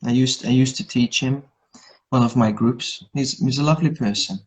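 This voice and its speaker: A man's voice: mid-range voice, normal speed. A Hungarian man, an English teacher, in a casual live chat, talking in a chatty, self-deprecating way with many restarts.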